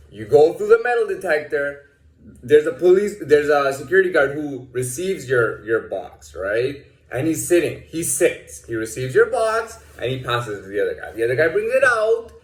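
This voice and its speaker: In an echoey room, a male vlogger rants casually about a personal story. He is profane and rambling, restarts often, and acts out quotes in a higher voice.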